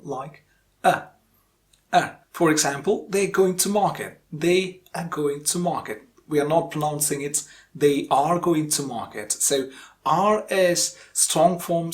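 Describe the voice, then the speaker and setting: A man teaching an English pronunciation lesson, explaining terms and repeating example phrases slowly and deliberately for emphasis. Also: on the high side, fairly bright tone.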